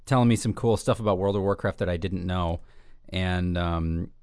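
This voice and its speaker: A man's voice: sits low, normal speed, darkish tone, clean tone, no echo, clean studio sound. A man co-hosting a casual podcast, rambling and playful with lots of fillers and restarts. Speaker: podcast co-host.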